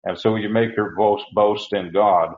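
A man giving a verse-by-verse Bible teaching, halting and restarting often, slowing down to stress key words. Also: fairly low pitch, steady tone, highs cut off. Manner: halting, with many restarts and uhs.

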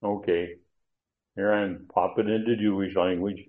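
A man's voice: sits low, fairly even intonation, unhurried. A man teaching an expository sermon on Bible passages, emphatic and stressing key words, with asides and restarts. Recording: tinny phone-like sound.

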